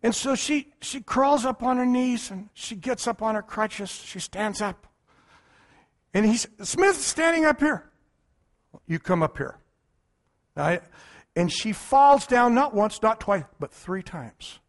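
A man's voice: very high-pitched, animated, a little slow. A male pastor preaching a sermon with emphatic delivery, acting out the voices of people in his stories.

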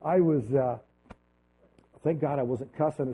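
A man preaching a sermon, telling a personal story in a conversational, halting way. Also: medium pitch, husky. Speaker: pastor. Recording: tinny phone-like lo-fi audio.

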